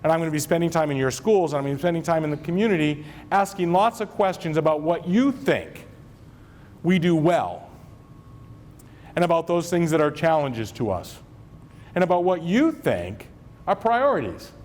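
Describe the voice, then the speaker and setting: A man's voice: a little high, big pitch swings, moderate pace, a little mellow. A man who is a school superintendent giving an informal, joking talk to school staff at a convocation. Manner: informal, joking, repeats phrases.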